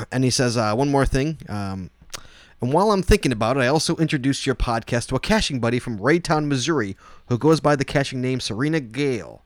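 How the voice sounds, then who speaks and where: A man's voice: mid-range voice, lively intonation, fairly quick, dry recording. A man co-hosting a casual podcast, reading listener mail and teasing his partner. He laughs a lot, and his voice swoops up and down as he jokes. The sound is dry and close. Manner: joking, laughs often, teasing. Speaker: podcast co-host.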